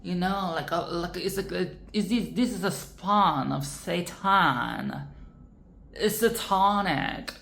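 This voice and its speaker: A vlogger giving casual film commentary in a dramatic, animated way, swearing freely and repeating phrases for emphasis. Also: mid-range voice, slow pace, vocal fry. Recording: roomy echo with faint ambience.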